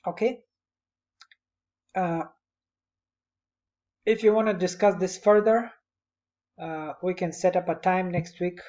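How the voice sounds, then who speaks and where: A man's voice: high voice, fairly even intonation, takes it slowly, pauses often, a little mellow. Man giving encouraging feedback, lo-fi laptop sound. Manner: conversational and encouraging. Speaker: instructor. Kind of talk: spoken feedback to a student. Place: at a computer.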